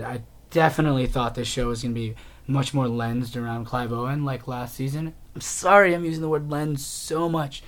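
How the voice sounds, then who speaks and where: A man hosting a casual TV review show, rambling through his thoughts with many fillers and restarts. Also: medium pitch. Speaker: TV review podcast host.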